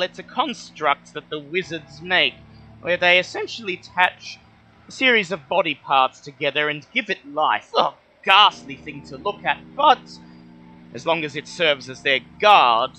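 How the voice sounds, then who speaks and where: A man's voice: fairly high pitch, expressive, unhurried, bright, forceful tone, faint music behind, pitched above the performer's own voice, exaggerated voice, low-quality recording. A man voicing a weary male jungle guide who talks nervously and a little shaken.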